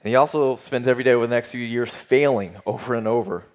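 A man's voice: medium pitch, fast talker. A man preaching a sermon, earnest and emphatic, asking rhetorical questions and repeating phrases for weight. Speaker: pastor.

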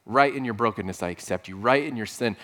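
A man voicing a gentle, accepting male God within a sermon, speaking in a lowered, reassuring way. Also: quick pace, close to an everyday voice.

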